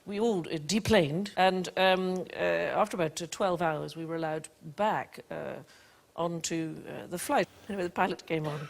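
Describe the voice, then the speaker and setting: A woman's voice: lowish voice, normal speed. A woman on a comedy panel telling an anecdote, hesitant and full of fillers.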